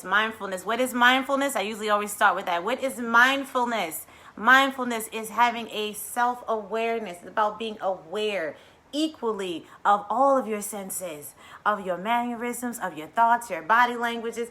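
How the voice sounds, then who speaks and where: A woman hosting a casual mindfulness livestream, bubbly and excitable, talking straight to her viewers. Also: medium pitch.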